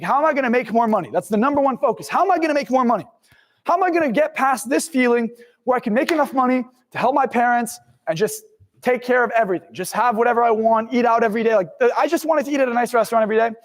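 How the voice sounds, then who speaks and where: Young man, motivational speaker, high pitched, rapid, blunt storytelling, long hall reverb. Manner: intense, blunt storytelling with swearing. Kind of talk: personal life story told to camera.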